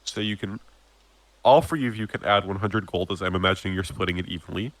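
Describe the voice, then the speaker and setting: A man's voice: low-pitched, fast talker, no echo, rough recording. A man narrating as game master in a casual tabletop game, with many fillers.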